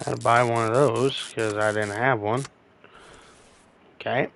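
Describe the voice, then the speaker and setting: A sleepy man in the middle of a gaming session, muttering along as he works and now and then speaking to his viewers. He talks slowly and unhurriedly, with a faint hum of room ambience behind him. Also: medium pitch, steady tone, gravelly, fairly bright tone. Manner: rambling, talking to himself while working. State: sleepy, yawning. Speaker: gaming streamer. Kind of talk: casual game commentary.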